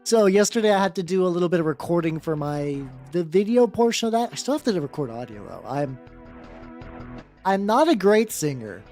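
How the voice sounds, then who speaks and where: Chatty streamer with a lively voice. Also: medium pitch, fairly quick. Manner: chatty, greets viewers by name between rambling anecdotes. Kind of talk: live-stream chat. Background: faint background music.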